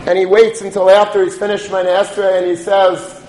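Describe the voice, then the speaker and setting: Man, high voice, earnest Torah talk, echoey room, faint background noise. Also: level tone, a little fast, darkish tone. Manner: earnest, storytelling, uses Yiddish and Hebrew terms. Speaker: rabbi.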